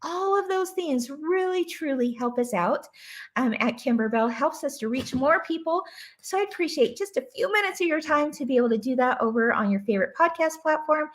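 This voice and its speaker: A woman's voice: high voice, lively intonation, brisk. A woman hosting a live stream, reading viewer comments aloud in an enthusiastic, bubbly way and laughing often. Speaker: host.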